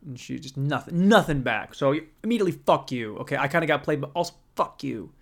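A man's voice: on the high side, animated, fast talker, gravelly, hardly any pauses. A man doing stand-up storytelling in a profane, rambling, bro-ish way. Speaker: stand-up comedian.

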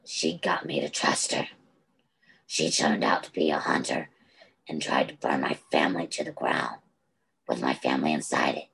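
A woman voicing a wounded, brooding young man with a low, heavy, weary delivery in an amateur fan-fiction reading. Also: steady tone, normal speed, vocal fry, a bit bright, slightly rough, full character voice, low-quality recording. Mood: bitter.

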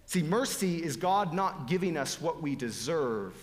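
A man preaching a sermon, dropping to hushed whispers and rising to loud, pleading appeals. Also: on the high side, animated, a little slow. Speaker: pastor. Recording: long hall reverb.

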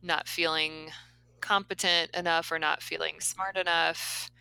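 A woman's voice: deep voice, little pitch movement, a little slow, vocal fry, sharp tone, slight background noise, poor audio. A woman co-hosting a casual podcast conversation, talking thoughtfully and hesitantly with many fillers as she asks questions. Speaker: podcast co-host asking the questions.

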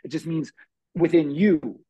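A man telling his life story as a guest on an interview podcast, animated, acting out quotes with lots of fillers. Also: fairly high pitch, measured pace, low-quality recording.

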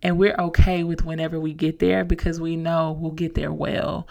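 A young woman hosting a podcast, telling a story in a chatty, animated way with casual slang. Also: sits low, moderate pace, vocal fry. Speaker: podcast host. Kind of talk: casual motivational talk.

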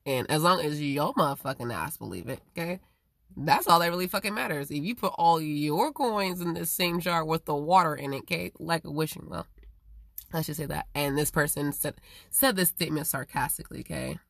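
A woman in a rambling, profane casual monologue, swinging between loud emphatic outbursts and low muttering. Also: brisk, creaky, dry recording, clean studio sound.

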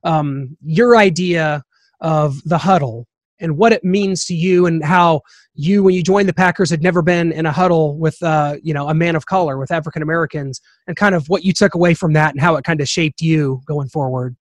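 Male interviewer, high voice, filler-heavy questions. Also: normal speed, no room sound. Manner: hesitant, filler-heavy phrasing. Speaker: podcast host.

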